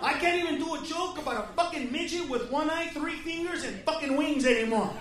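Brash high-voiced stand-up comic in echoey club. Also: male voice, fairly quick. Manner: brash, profane, yelling punchlines at the crowd. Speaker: stand-up comedian. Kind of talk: stand-up comedy set. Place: comedy club stage with live audience. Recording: echoey club audio from far off, crowd laughter.

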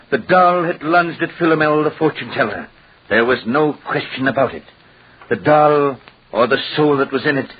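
An actor playing a scheming dollmaker who recounts events to a judge with dramatic storytelling in an old-time radio drama. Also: male voice, medium pitch, close to an everyday voice. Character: scheming male dollmaker testifying in court. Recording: hissy lo-fi old radio recording.

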